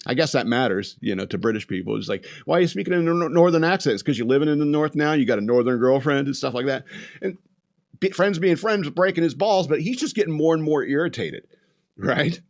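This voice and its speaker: A man's voice: mid-range voice, lively intonation, a little fast. A man hosting a podcast, casually retelling a movie in a rambling way, laughing often and acting out quotes. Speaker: podcast host. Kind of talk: casual movie review rant.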